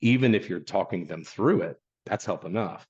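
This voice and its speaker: A man's voice: sits low, lively intonation, normal speed, darkish tone, husky. A man hosting a podcast in casual chat, emphatic and repeating his points for stress. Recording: dull muffled lo-fi sound.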